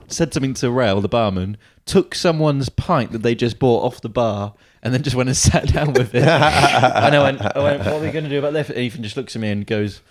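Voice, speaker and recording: A man co-hosting a podcast, excitable, stammering a little and laughing often. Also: mid-range voice. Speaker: podcast co-host. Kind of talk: casual comedic chat.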